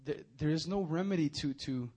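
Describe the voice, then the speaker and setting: A young male preacher with a slightly high voice delivers a sermon at a fairly quick clip. His storytelling is animated and swinging, moving from hushed to loud, and he turns quiet and earnest when making his point.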